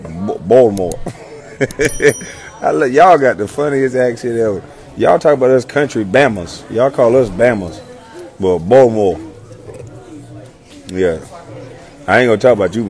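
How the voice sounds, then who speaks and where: A man's voice: mid-range voice, normal speed. A man in his thirties, a former pro athlete, chatting casually in a playful way, full of slang, repeating himself and laughing as he talks. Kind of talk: casual chat.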